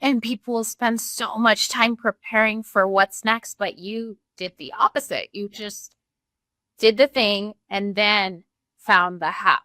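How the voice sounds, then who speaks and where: A woman's voice: medium pitch, a little slow, pushed and bright, dry recording. A woman hosting a podcast interview, enthusiastic and affirming toward her guest. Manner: enthusiastic and affirming, laughs often. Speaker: podcast host.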